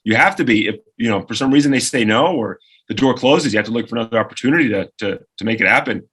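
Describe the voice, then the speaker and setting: Bright-voiced, animated man. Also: mid-range voice, quick pace, breathy edge. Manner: animated storyteller who acts out quoted voices. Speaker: radio co-host and producer, podcast guest. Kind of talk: lively anecdote-telling in conversation.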